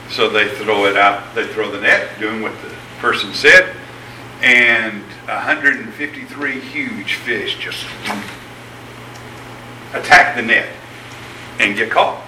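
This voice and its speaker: A man preaching a sermon in a conversational, animated storytelling manner, voicing the people in his story. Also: medium pitch, a little slow, echoey room, recorded from a distance, slight background noise, rough recording.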